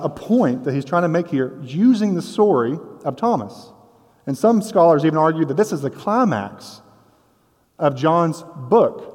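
A man's voice: fairly high pitch, a little mellow. A man preaching a conversational sermon as a pastor, with casual joking asides. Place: church sanctuary. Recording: long hall reverb.

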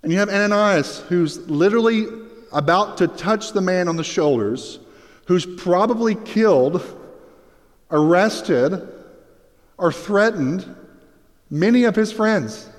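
A man preaching a sermon as pastor, telling the scene with lively, acted-out storytelling. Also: high-pitched, slow pace, pauses often. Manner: animated storytelling, acts out Bible scenes. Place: church sanctuary. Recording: long reverb of a hall.

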